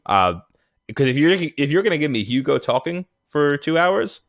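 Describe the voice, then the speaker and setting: A man's voice: medium pitch, fast talker. A man co-hosting a movie podcast, chatting casually with lots of restarts and fillers. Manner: rambling, animated, many fillers and restarts. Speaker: podcast co-host.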